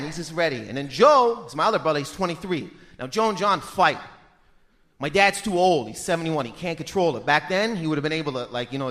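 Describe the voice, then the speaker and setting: A man in his thirties doing a stand-up comedy set, telling animated stories and yelling out impressions of his family. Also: high voice, fairly quick, a little hiss or hum. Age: 30s.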